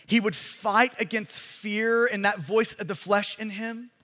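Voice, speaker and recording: A pastor preaching a sermon with emphatic, repetitive delivery that builds to shouts, recorded in a large hall. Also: male voice, high-pitched, fairly even intonation, unhurried. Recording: long hall reverb.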